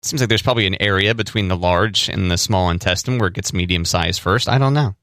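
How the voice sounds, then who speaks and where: A man's voice: low-pitched, fast, a bit bright, no room sound, studio quality. A man co-hosting a casual podcast, teasing and joking with his co-host. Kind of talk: casual chat.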